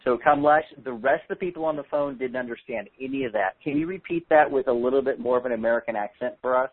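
A man's voice: mid-range voice, fast, breathy edge. A man hosting a handwriting analysis seminar with callers, explaining in a chatty way with joking asides. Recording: tinny phone-line audio.

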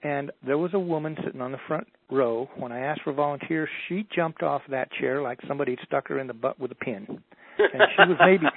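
A man telling stories as a motivational speaker in a radio interview, in a folksy, animated way. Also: fairly high pitch, no room sound. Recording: dry, tinny phone line.

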